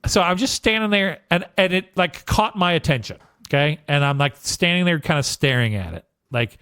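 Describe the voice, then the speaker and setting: A man co-hosting a casual podcast, telling a story with lively asides and frequent "okay?" check-ins. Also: a little high, normal speed, clean tone, no room sound, studio quality. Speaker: podcast co-host.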